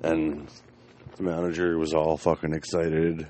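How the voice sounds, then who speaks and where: A man's voice: deep voice, measured pace, darkish tone, dry recording. A young man casually telling a profane, rambling anecdote outdoors in his backyard. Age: young adult. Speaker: storyteller.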